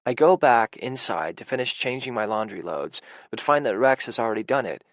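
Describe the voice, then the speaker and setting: A man's voice: mid-range voice, animated, brisk, a bit bright, dry recording. A man reading a first-person audiobook in an intimate, emotional way, with anxious, racing passages. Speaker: audiobook narrator.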